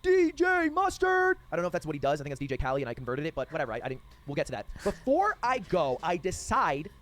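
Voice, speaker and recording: Fast-talking young man telling a story. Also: fairly high pitch. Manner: animated, swears freely, does voices for people in the story. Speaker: streamer. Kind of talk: casual storytelling.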